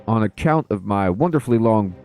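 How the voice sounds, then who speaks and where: A man voicing a fussy, posh bearded dwarf gentleman who talks in plummy upper-class slang, in a video game. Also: lowish voice, animated, fairly quick.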